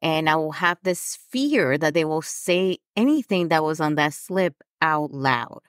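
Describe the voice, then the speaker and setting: A woman's voice: low voice, lively intonation, unhurried, clean tone, no room sound, clean studio sound. A woman hosting a personal podcast, talking candidly with frequent fillers and an occasional self-conscious laugh. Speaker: podcast host. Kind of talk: personal reflective podcast talk.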